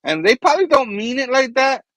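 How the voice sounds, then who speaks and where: A man co-hosting a casual comic book review, speaking relaxed and loose with lots of fillers. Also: extremely high pitch, fairly quick, no room sound. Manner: relaxed, filler-heavy, lots of "you know what I mean". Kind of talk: casual chat.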